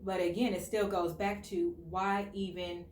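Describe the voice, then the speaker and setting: Woman, American accent, opinionated casual talk, mid pitch, roomy echo. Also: little pitch movement, measured pace, a little mellow, slight background noise. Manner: earnest, opinionated, many "like" fillers. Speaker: host. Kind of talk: casual discussion. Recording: echoey room.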